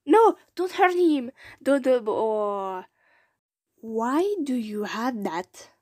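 A woman's voice: a little high, expressive, very slow, a little mellow, no echo, studio quality. A woman with a French accent, a native French speaker, reading fan voice audition lines, retaking them and giggling between takes.

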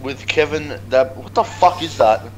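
A young man with a voice pitched a bit above most men's. He chats crudely with friends, swears almost every sentence and stumbles over repeated words. He sounds like he is talking into a headset on a voice call. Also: moderate pace, a crowd in the background, rough recording. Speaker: co-host. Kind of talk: crude casual chat among friends.

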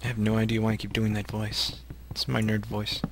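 A man's voice: lowish voice, completely flat delivery, brisk, a little hiss or hum. A man hosting a co-op survival game, chatting casually and teasing his partner while he plays and thinks aloud. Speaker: host playing a co-op survival game. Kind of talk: casual gameplay chat.

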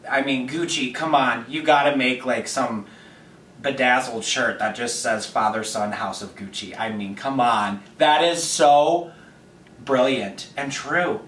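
A young man hosting a reaction video, gushing dramatically and breaking into quick asides as he reacts. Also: mid-range voice, fairly bright tone, slight background noise. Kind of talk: excited reaction commentary. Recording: echoey room, distant mic.

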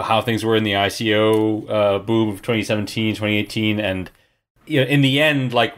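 A man with a somewhat low voice poses broad questions to a guest. He speaks in a measured, reflective way, with a few fillers. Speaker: podcast co-host. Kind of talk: casual interview questions.

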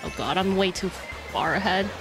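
A young woman streaming live, chatting excitedly and laughing as she plays a kart racing game. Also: mid-range voice, normal speed. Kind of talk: live gameplay commentary. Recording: game music loud behind voice.

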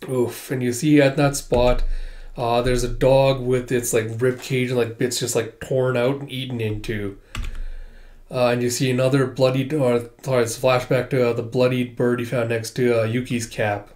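Chatty guy recapping a comic, mid pitch, lots of "like" and "uh", laughs easily. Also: level tone, moderate pace, darkish tone. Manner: chatty, laughing, many fillers. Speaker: comic read-through host. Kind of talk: casual commentary.

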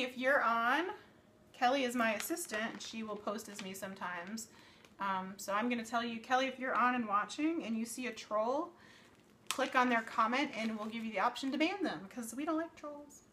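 A woman's voice: fairly high pitch, moderate pace, sharp tone, slight background noise. Chatty woman cooking live, voice a bit worn. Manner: chatty, rambling, with frequent self-corrections. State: voice slightly worn. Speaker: home cook hosting a live cooking stream. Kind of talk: live cooking demonstration, casual chat. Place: home kitchen.

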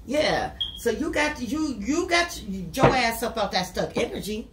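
A woman with a slightly high voice gives a tarot reading straight to camera. She talks bluntly and casually, swears freely and leans on "you know". Her voice rings around a hollow-sounding room over a clear hiss. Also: measured pace. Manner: blunt, profane and talkative, with repeated "you know". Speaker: tarot reader. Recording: echoey room with steady noise.

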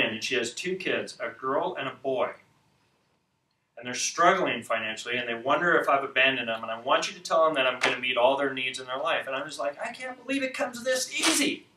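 A man hosting a ministry show, telling a story in an animated, excitable way and acting out the scenes. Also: mid-range voice, slight background noise. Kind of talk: storytelling teaching talk. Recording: echoey room, distant mic.

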